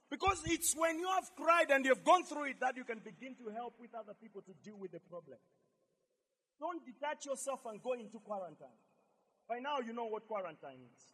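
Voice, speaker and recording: A man preaching a sermon as pastor, emphatic and repetitive, swinging from shouts to quiet asides. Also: very high-pitched, expressive, brisk, slightly rough, in a large hall.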